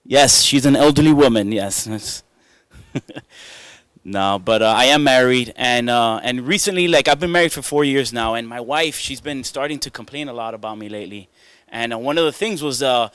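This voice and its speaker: A man's voice: medium pitch, fairly quick, fairly bright tone, clear, resonant tone, no room sound. A young man doing a stand-up comedy set on a club stage, chatty and self-mocking, riffing with the crowd. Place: comedy club stage before a live audience.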